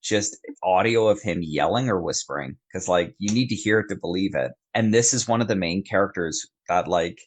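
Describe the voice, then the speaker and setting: Deep-voiced male podcast co-host. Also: moderate pace, hardly any pauses. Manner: chatty, many fillers and restarts. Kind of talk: casual film review chat.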